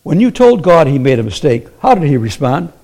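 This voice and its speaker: A man's voice: a little high, sing-song, fairly quick, warm tone. A man preaching a sermon as pastor, acting out quoted voices and asking the congregation questions.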